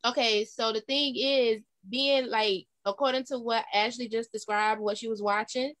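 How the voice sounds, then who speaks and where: A woman podcast co-host in casual chat, who makes her point deliberately and repeats it. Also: a little high, steady tone, a bit bright, dry recording.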